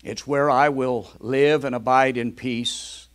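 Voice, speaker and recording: A man's voice: mid-range voice, steady tone, takes it slowly, smooth. An older man preaching a fervent sermon with exclamations.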